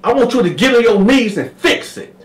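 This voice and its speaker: Brief: man playing a high-pitched, pushy prison inmate, confrontational, roomy distant mic. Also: lively intonation, brisk. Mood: angry. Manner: insistent, confrontational, repeats "man".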